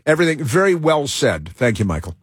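A male radio host with a husky voice holds forth in an emphatic, meandering political monologue. He trips over fillers and restarts his sentences. The sound is close and dry, with no room in it. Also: mid-range voice, sing-song, a little fast, dry recording. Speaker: radio talk show host.

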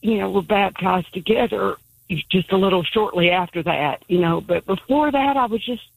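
A woman calling in to a radio show, speaking in a hesitant, halting way. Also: mid-range voice, creaky, slightly rough, dry recording, rough recording. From Tennessee. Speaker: caller.

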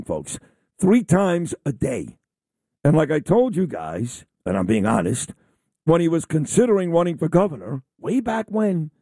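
A middle-aged man talking on the radio in a casual, boastful, rambling way. His voice is somewhat high and swings widely in pitch, with a warm, mellow tone. The sound is close and dry. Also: no room sound. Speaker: radio talk show host. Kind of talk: casual on-air chat.

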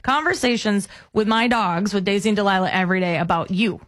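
A woman's voice: mid-range voice, brisk, no room sound. A woman co-hosting a radio talk show, chatting casually and reading listener texts, laughing and gasping often. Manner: lively, laughs often, gasps in surprise.

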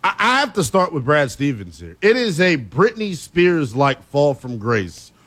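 A man hosting a sports talk radio show, emphatic and quick to laugh as he argues his takes. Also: a little high. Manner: animated, emphatic, laughs easily.

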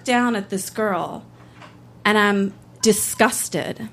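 A woman, a public defender, telling a true personal story on stage in an earnest, candid way with halting restarts. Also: on the low side. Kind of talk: live first-person storytelling.

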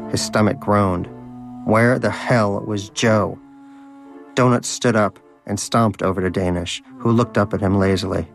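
Male storybook narrator, low voice, wry, faint music under. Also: steady tone, a little slow, gravelly.

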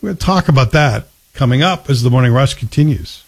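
A man's voice: mid-range voice, fast talker, gravelly, background noise. A man hosting a morning talk radio show, chatting casually and sharing bits of trivia.

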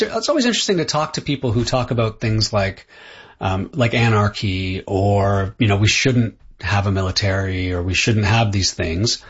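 Husky and lowish, the voice belongs to a middle-aged Canadian author being interviewed as a guest. He considers his words carefully, frequently starting sentences over, on a dull lo-fi recording.

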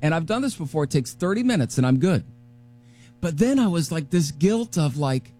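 A man hosting a morning radio show, telling a personal story in a casual, animated way and acting out his own remarks. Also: on the high side, moderate pace, faint music behind.

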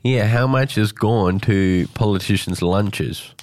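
A man's voice: lowish voice, takes it slowly, a little mellow. A man hosting a radio show from a studio, talking in a playful, upbeat and jokey way. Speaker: radio host. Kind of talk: casual radio banter.

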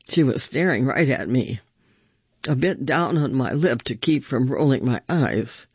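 A man reading first-person stories aloud with measured, expressive storytelling. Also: mid-range voice, husky, dry recording, highs cut off.

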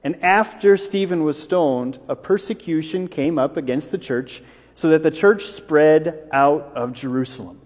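A man pastor delivering a sermon in a storytelling way, building up and then dropping to a hush. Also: on the high side, measured pace, in a large hall.

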